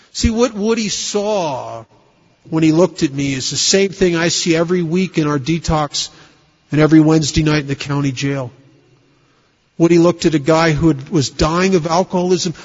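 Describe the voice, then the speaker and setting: A man telling his recovery story to a meeting in a blunt, conversational, self-mocking way, with rough everyday grammar. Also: a little high. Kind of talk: personal recovery story told to an audience. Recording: dull lo-fi recording in a reverberant hall.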